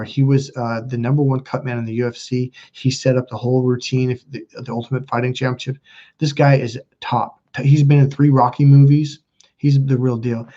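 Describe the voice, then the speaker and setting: A man talks casually on a livestream with blunt emphasis, swearing freely and restarting sentences as he goes. His voice is mellow and dark, and the sound is dull and lo-fi. He speaks at a middle pitch. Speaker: self-help channel host.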